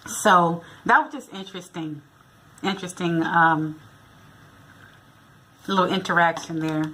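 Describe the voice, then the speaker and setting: A woman's voice: fairly low pitch, steady tone, measured pace, pauses often, bright, forceful tone, a little hiss or hum. A middle-aged woman from the United States, telling a story casually in a vlog and acting out the dialogue. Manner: chatty, retells a funny encounter with quoted dialogue. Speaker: vlogger.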